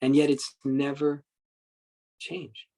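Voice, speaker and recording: A man giving a Buddhist dharma talk as a meditation teacher, telling stories in a halting way with many repeated words and acting out quoted speech. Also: on the high side, level tone, mellow, rough recording. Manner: acts out quoted speech in the story.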